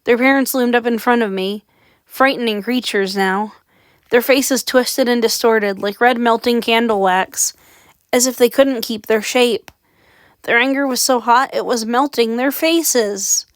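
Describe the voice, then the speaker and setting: A woman's voice: a little high, measured pace, no room sound. A woman reading a horror story aloud with dramatic, suspenseful narration. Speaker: audiobook reader.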